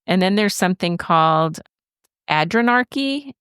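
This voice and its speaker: A woman's voice: fairly low pitch, normal speed, a bit bright, smooth, no room sound, studio quality. A middle-aged woman co-hosting a podcast, telling stories in a chatty way and laughing often. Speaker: podcast co-host. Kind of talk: casual podcast chat.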